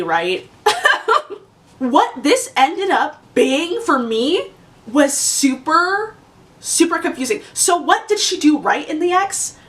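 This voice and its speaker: A young woman reviewing books in a casual, animated rant, talking straight to her viewers. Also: fairly high pitch, far from the mic. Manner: animated, exasperated, talks to viewers directly. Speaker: book vlogger. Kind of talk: casual ranting book review.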